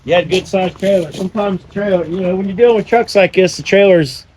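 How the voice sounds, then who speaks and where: A man with a fairly high, easygoing voice talks through his shop work in a casual vlog. His manner is folksy and joking, with plain down-to-earth advice. A faint hum of noise sits behind him. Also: fast talker, a little mellow. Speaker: vlog host and car restorer. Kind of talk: casual chat and work narration.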